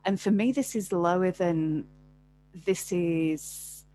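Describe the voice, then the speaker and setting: A woman guest in a spiritual conversation over a video call, speaking gently and reflectively. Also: on the low side, slow pace, a little hiss or hum, low-quality recording.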